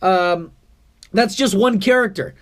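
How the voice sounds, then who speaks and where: A man's voice: high-pitched, takes it slowly, fairly bright tone. A man vlogging to camera about his acting class, talking in an earnest, rambling way, bothered by allergies. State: allergies, coughing. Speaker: vlogger, improv student. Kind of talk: casual talk to camera.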